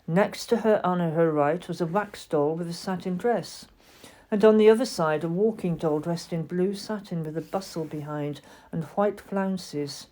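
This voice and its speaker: A woman narrates a children's storybook in a gentle, expressive way. Her voice sits a little low and sounds mellow. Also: a little slow. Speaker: audiobook reader.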